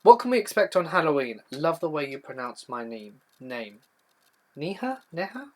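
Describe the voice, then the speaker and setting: A man's voice: mid-range voice, very animated, normal speed. A young man hosting a live stream, chatty as he reads viewer questions from the chat and answers them one by one. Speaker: horror storytelling channel host.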